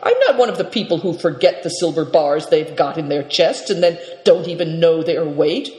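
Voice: mid-range voice, moderate pace, dark tone, close to an everyday voice. A storyteller voicing a shrewd, jovial male trader who bargains with sly courtesy. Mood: sly, genial. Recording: reverberant, echoey room.

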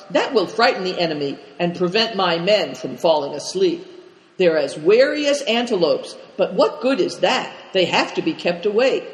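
A man doing a loud, boastful army captain. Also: sits high. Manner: loud, theatrical, laughing. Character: excitable boastful older male army captain. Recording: roomy with long reverb.

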